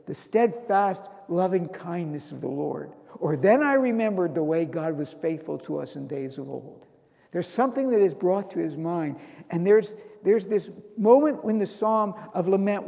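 A man preaching a sermon, who reads scripture aloud and rises to loud, emotional bursts. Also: sits high, creaky, big-room sound.

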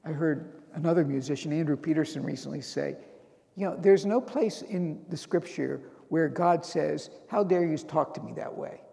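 A man preaching a sermon, who reads scripture aloud and rises to loud, emotional bursts. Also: fairly high pitch, normal speed, creaky, in a large hall.

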